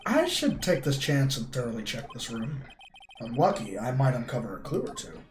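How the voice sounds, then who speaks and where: A woman's voice: extremely low pitch, sing-song, brisk, darkish tone, soft background music. Crude, joking woman streamer. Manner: crude, joking, swears often. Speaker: streamer playing a courtroom game. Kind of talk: casual livestream chat, reading game text aloud.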